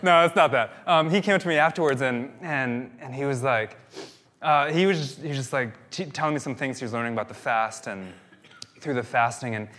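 A male pastor delivers an energetic sermon, circling back on his words with restarts and fillers. His middle-pitched voice rings with the long reverb of a church hall. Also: a little fast.

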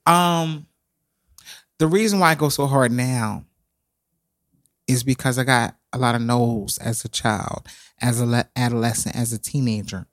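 A man co-hosting a podcast, talking in an animated, dramatic and emotional way, close to tears at times. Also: mid-range voice, a little slow, pauses often. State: tearful. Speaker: podcast co-host. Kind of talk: casual podcast chat.

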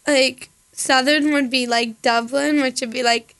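A high-pitched young woman chatting casually as a podcast co-host. She giggles a lot and strings her thoughts together with constant fillers. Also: steady tone, fairly bright tone, dry recording. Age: young adult. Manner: giggly, talks fast with lots of fillers, slips into put-on accents. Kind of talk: casual chat.

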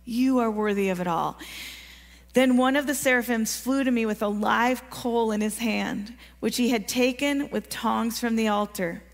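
A woman delivers a sermon in an earnest, encouraging tone, her voice sitting a little high. She keeps turning to the congregation with questions. The sound carries the long reverb of a large church hall. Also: fairly even intonation, normal speed, few pauses. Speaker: preacher. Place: church sanctuary.

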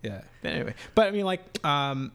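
A man's voice: a little high, sing-song, brisk, creaky, a bit bright, smooth. A man co-hosting a podcast in casual chat, rambling and swearing with many restarts. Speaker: podcast co-host.

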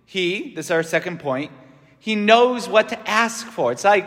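A man's voice: high-pitched, expressive, measured pace, fairly bright tone. A man giving a conversational homily in a church, often checking in with the congregation with "right?". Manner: conversational, frequent "right?" tag questions. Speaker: preacher. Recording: long church reverb.

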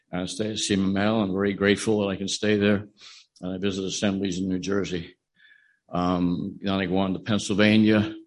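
An older man, an evangelist, telling his conversion story in a plain, storytelling way with frequent restarts. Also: low voice. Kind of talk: personal testimony in a sermon.

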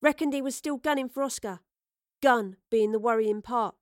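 A woman voicing Astrid, a blunt, impatient streetwise young woman with rough-edged slangy speech, in an audiobook. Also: fairly high pitch, moderate pace, no echo, studio quality, lightly acted. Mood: stern. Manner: blunt, loud, pushy.

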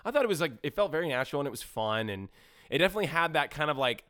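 A man's voice: fairly high pitch, sing-song, very fast, sharp tone, clear, resonant tone, no echo, studio quality. A man co-hosting a casual movie podcast, talking in a rambling, profane way full of fillers. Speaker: podcast co-host.

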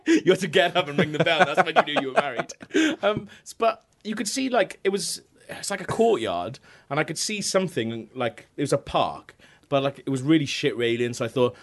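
Lively man telling rambling stories. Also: on the high side, a little fast. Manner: rambling, laughing storyteller. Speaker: podcast co-host. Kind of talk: casual comedic chat.

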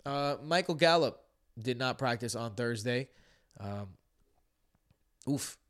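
A man's voice: mid-range voice, lively intonation, slow pace, fairly bright tone. Brief: male podcast host, mid-range voice, jokey news rundown. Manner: joking, playful injury-news delivery. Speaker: fantasy football podcast host.

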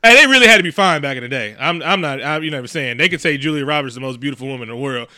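A man's voice: fairly high pitch, lively intonation, pushed and bright, dry recording, studio quality. A man casually recapping an old film for laughs, profane and joking, acting out the characters as he goes. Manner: profane, joking, acts out characters in quick voices. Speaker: podcast co-host recapping a film. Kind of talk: casual comedic movie recap.

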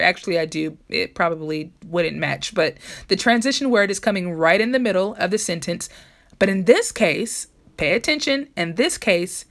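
A woman's voice: mid-range voice, fairly bright tone. A woman hosting a podcast episode, teaching grammar in a chatty, casual way. She corrects herself often and talks straight to her listeners.

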